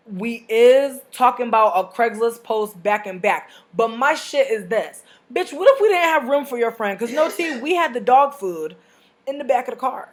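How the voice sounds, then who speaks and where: A young woman telling a story to camera as a vlogger, brash and profane, with big animated swings in her delivery. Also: on the high side. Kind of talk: casual storytime rant.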